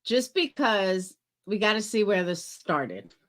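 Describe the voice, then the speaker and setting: A woman's voice: mid-range voice, very animated, slow, a bit bright. A woman hosting reaction commentary, making incredulous, wry asides. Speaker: commentary host.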